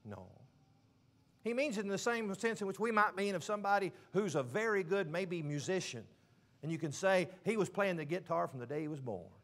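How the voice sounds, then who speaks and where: Man, preacher, sermon, emphatic drawn-out words, quiet drops, slightly high pitch. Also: expressive.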